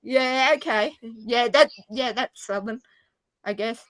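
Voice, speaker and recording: Female guest, high and bright, playful teasing, dry sound. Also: slow pace, no echo. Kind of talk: casual chat.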